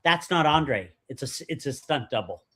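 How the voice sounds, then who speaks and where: A man co-hosting a casual movie podcast, animated and joking as he shares trivia. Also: medium pitch, moderate pace, husky. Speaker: podcast co-host.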